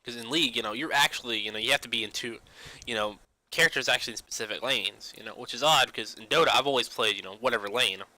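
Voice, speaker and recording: A young man rattles on at a fast clip in a very bright, sharp-edged voice, stuffing "you know" into almost every phrase. His loose, rambling rant is full of restarts and casual swearing. The sound is dry and close, with no room around it. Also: medium pitch, no room sound, rough recording. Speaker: gaming vlogger.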